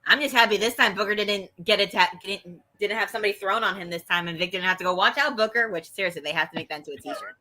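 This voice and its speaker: A woman's voice: mid-range voice, steady tone, rapid-fire, sharp tone. A woman co-hosting a casual review chat, opinionated and emphatic. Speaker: co-host.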